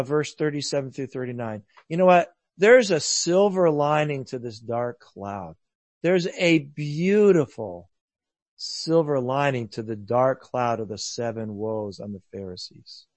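A man preaching a sermon earnestly, rising to loud emphasis and dropping to hushed, soft lines. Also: fairly high pitch, lively intonation, a little slow, no room sound.

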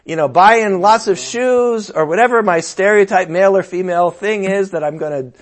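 A man preaching a sermon in a conversational, animated way, with playful asides and sudden outbursts. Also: high-pitched, moderate pace.

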